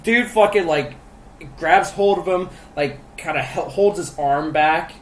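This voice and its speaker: This movie-review podcast co-host has a voice on the high side and a measured pace. He rambles casually, laughing often and filling his speech with fillers and restarts, and the low-quality recording has slight background noise.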